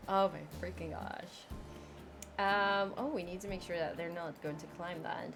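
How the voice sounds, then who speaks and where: A woman's voice: on the low side, fairly even intonation, slow, pauses often, music in the background. A woman streaming a zoo-building game live, chatting, exclaiming in frustration, laughing and thanking viewers by name. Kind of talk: live gameplay stream chat.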